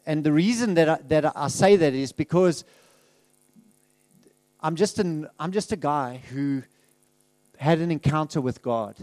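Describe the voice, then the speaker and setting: Middle-aged preacher, slightly high voice, dry close sound; candid, chatty church testimony with frequent laughs and restarts. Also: male voice, unhurried, long pauses, darkish tone, dry recording. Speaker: guest speaker in a church. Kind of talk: conversational testimony sermon.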